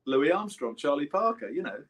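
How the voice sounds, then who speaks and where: A man's voice: fairly high pitch, sing-song, a little fast, a bit bright, a little hiss or hum. A man in his seventies with an English accent, a guest musician chatting casually in an interview and telling rambling anecdotes full of restarts. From England. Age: 70s.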